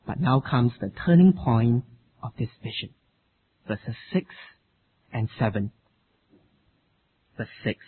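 A man preaching a sermon with an emphatic, expressive delivery. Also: medium pitch, slow, long pauses, breathy edge. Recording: tinny phone-like sound.

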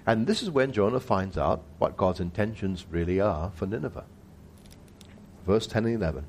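A man giving an expository Bible teaching who keeps asking his listeners rhetorical questions and slows down to stress key words. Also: fairly low pitch, expressive, a little mellow, slight background noise.

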